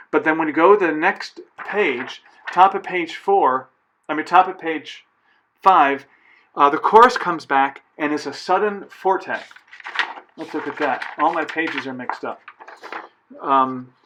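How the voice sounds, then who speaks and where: A choir director talks his singers through a piece in a patient, methodical way. His voice sits a little high for a man. He counts beats aloud and sings short examples as he goes. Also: pushed and bright, low-quality recording. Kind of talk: recorded choir instruction.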